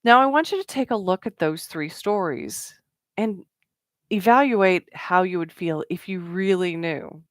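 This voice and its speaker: A middle-aged woman, working as a networking coach, chats casually to camera with plenty of fillers and acted-out quoted asides. Her voice is fairly low with lively intonation and an unhurried pace, recorded clean in a studio with no room sound.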